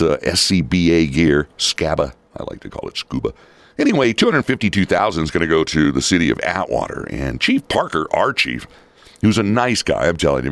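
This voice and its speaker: A man's voice: extremely low pitch, no room sound. A middle-aged man hosting a local talk show, rambling wryly through civic news with many fillers and asides. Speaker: local radio show host. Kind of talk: casual talk-show commentary.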